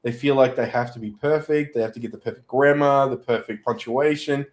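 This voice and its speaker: A man, a podcast guest chatting casually and telling stories in an animated way. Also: medium pitch, brisk, rough recording. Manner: animated storyteller.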